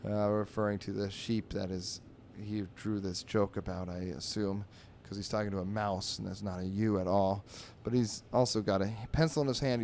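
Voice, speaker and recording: A man with a fairly low voice hosts a comedic read-through of the comic strips. He rambles wryly, restarting sentences and filling gaps with ums. A faint hiss runs under the recording. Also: darkish tone. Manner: rambling, wry, full of fillers and restarts. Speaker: host.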